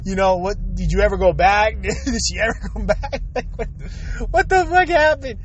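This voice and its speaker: A young man with a strikingly high voice talks straight to his viewers in a loose, crude, rambling rant. His speech is thick with slang, and he keeps breaking into chuckles. A faint noise sits under the recording. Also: normal speed, highs cut off. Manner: slangy street talk. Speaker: vlogger.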